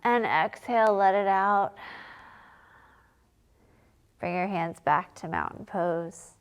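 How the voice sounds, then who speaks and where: A woman guides children through yoga poses and breathing at an unhurried, slow pace. Her pitch sits in a middle range. She keeps her cues gentle, clear and encouraging. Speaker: kids yoga instructor.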